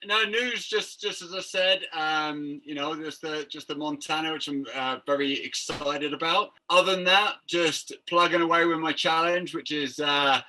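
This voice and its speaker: A British man co-hosting a podcast, upbeat and quick to laugh in casual banter. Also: fairly high pitch, pushed and bright, poor audio. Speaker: podcast co-host.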